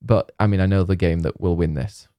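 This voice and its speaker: A man's voice: low voice, steady tone, brisk, dry recording, muffled recording. A man co-hosting a casual chat show, rambling with lots of fillers and frequent laughter. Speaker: podcast co-host.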